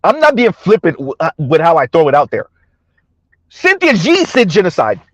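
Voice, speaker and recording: A commentary channel host with a fairly high, wildly swooping voice talks at a moderate pace, his tone fairly bright and the recording free of echo. In his casual vlog he mocks things while speaking straight to viewers, laughing often and asking "right?" again and again.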